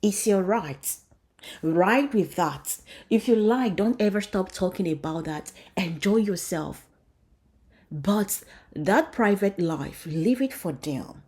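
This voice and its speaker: A woman's voice: medium pitch, expressive, slow, a little mellow, husky. A woman vlogger giving an emotional commentary, speaking emphatically and preachily and blessing her viewers directly.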